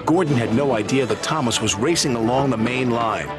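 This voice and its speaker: A man narrating a children's story in a lively, expressive reading, with loud music underneath. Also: mid-range voice, fairly quick.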